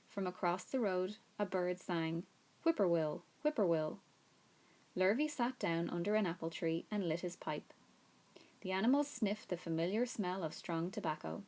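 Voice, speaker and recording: A woman reading a children's novel aloud to a class, telling it in a steady, unhurried way. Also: mid-range voice.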